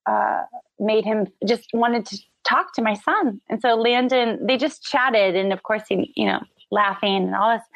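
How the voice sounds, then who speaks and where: A woman telling personal stories as a guest on a live-stream interview, animated and sometimes emotional. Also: medium pitch, creaky, no room sound, low-quality recording. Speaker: guest, author and musician. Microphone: remote call.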